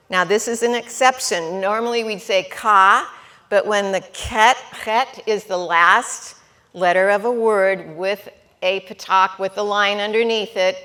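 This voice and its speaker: A woman's voice: medium pitch, bright, forceful tone. A woman teaching a Hebrew lesson to a class, patient and encouraging, sounding out syllables and checking that everyone follows.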